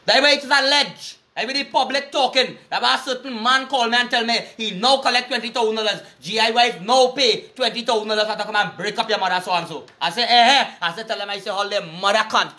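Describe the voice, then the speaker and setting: A man's voice: high-pitched, quick pace, hardly any pauses, sharp tone. A man with a Trinidadian accent ranting angrily in a profane, repetitive video monologue, with faint music behind him.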